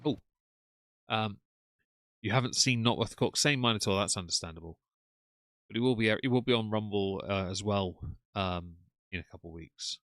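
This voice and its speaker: A man's voice: fairly low pitch, moderate pace, a bit bright, no room sound. A man hosting a live stream, commenting in a sarcastic, mocking way.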